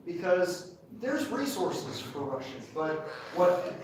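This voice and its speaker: A man's voice: high voice, very animated, takes it slowly, distant mic, a crowd in the background. A man lecturing a university class, chatty and enthusiastic, checking in with the students. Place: large lecture hall. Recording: very echoey lecture hall recorded from afar.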